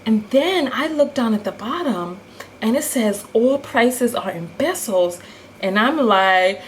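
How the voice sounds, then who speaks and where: A woman telling a story in a casual vlog, animated and full of acted-out quotes. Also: fairly high pitch, a little slow, slight background noise, rough recording. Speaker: vlogger.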